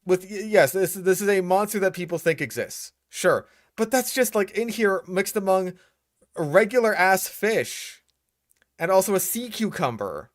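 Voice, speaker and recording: A man's voice: high-pitched, lively intonation, moderate pace, no echo, studio quality. A young man hosting a reaction commentary, exasperated and profane, picking apart what he hears. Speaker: host reacting to a video.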